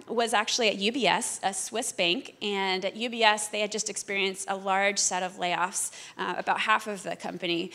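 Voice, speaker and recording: A woman's voice: mid-range voice, bright, forceful tone. A woman giving a keynote talk, telling stories with humorous asides in an upbeat way. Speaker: keynote speaker.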